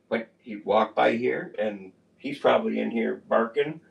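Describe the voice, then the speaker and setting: A man co-hosting a podcast in casual chat, rambling and animated, often laughing as he tells stories. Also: mid-range voice, a little slow, creaky, few pauses. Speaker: podcast co-host. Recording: echoey room, distant mic.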